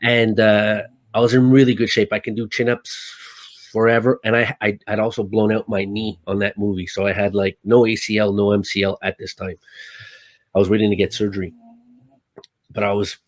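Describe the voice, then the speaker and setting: A man who works as a stuntman, a guest telling stories in casual, animated talk, swearing often and acting out his own lines. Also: fairly low pitch, normal speed, no echo. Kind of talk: casual storytelling.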